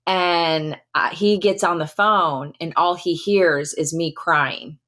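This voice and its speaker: A woman's voice: lowish voice, steady tone, slow pace, bright, forceful tone. A middle-aged American woman, a retired Air Force colonel, telling a personal story as a podcast guest in a candid, emphatic way with casual fillers. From United States.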